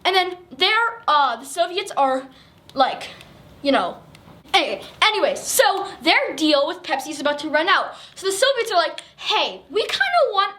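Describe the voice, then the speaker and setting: A woman's voice: sits high, sing-song, normal speed, sharp tone. A young woman casually explaining a history story over pictures, rambling, correcting herself and giggling as she goes.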